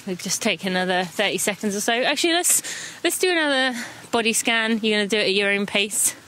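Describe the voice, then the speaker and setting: English woman host, chatty run coach counting down strides, mid pitch, light outdoor hiss. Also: expressive, a little fast, bright, forceful tone, poor audio. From England. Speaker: running podcast host. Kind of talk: casual audio running guide. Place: walking outdoors.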